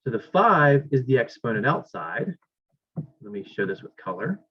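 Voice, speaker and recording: A man's voice: mid-range voice, big pitch swings, moderate pace, husky. A male math instructor giving a classroom lecture, thinking aloud and correcting himself as he works problems on the board. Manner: talks while writing, thinks aloud, self-corrects. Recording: dull lo-fi classroom recording.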